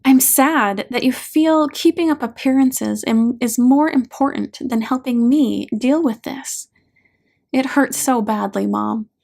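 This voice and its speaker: A woman's voice: on the high side, unhurried, gravelly. A woman voicing a hurt, angry adult man who is pouring out a raw, pleading accusation to his mother. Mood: anguished. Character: hurt, angry adult male therapy client.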